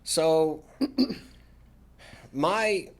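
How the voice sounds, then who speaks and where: A military veteran appears as a podcast guest, speaking candidly and casually about his recovery with dry, sarcastic humor. His voice is a little high, with lively intonation and drawn-out words.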